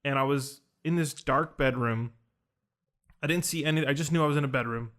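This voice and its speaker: A man's voice: mid-range voice, a little fast, fairly bright tone. A young man casually telling a personal story on a podcast, earnest and rambling, full of fillers and restarts. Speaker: podcast host recounting a ceremony.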